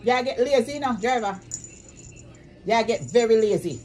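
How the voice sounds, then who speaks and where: A woman's voice: fairly high pitch, moderate pace, a little mellow, soft background music. A woman, vlogging as she coaxes her cats to play in a sing-song, repetitive way. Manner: coaxing, sing-song, repeats commands. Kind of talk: casual talk to her cats.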